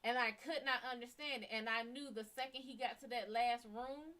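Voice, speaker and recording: A woman hosting a live psychic stream, telling a story casually, with blunt, heavily profane and animated delivery. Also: a little high, moderate pace.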